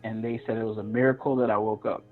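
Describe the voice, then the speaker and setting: A man's voice: on the low side, level tone, quick pace. Man telling a story over a tinny line. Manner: earnest, acts out his own past reactions in a raised voice. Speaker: podcast guest. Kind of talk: personal storytelling in an interview. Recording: tinny phone-line audio with faint music.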